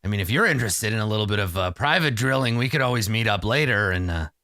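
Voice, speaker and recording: Man playing a crude flirty drill general, brash, lively voice. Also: on the low side, fast talker, no echo, clean studio sound, voice pushed down. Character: crude swaggering male army general.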